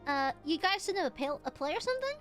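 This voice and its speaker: A woman's voice: very high-pitched, big pitch swings, quick pace, a bit bright, soft background music. A woman streaming a video game, chatting casually in a playful, crude way and laughing often.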